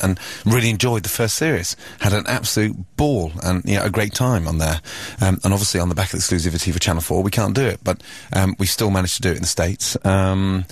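Male guest, low and husky, halting, easygoing delivery. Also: no room sound. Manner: hesitant, many ums and restarts, laughs easily. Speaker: studio guest, chef. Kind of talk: casual interview chat.

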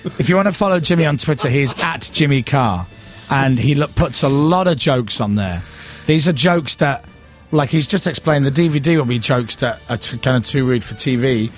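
A man's voice: mid-range voice, animated, moderate pace, faint music behind. A man hosting a radio show, playful and ribbing his guests. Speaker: radio host. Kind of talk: casual radio chat.

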